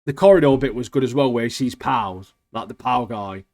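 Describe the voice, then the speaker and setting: A young man co-hosting a podcast, talking fast and casually with lots of laughter and slang. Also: medium pitch. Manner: animated, laughing often, slangy and swearing. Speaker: podcast co-host. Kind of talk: casual chat reviewing TV shows.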